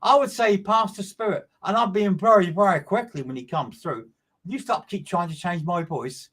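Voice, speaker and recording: A man's voice: sits high, animated, moderate pace, fairly bright tone. A man working as a medium, giving a live streamed reading in a repetitive, emphatic way and greeting listeners by name.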